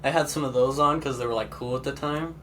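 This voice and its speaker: A man's voice: medium pitch, steady tone, fast talker, fairly bright tone. A young man co-hosting a casual podcast with his sister, rambling through stories with lots of fillers. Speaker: podcast co-host. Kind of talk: casual chat. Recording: faint background noise.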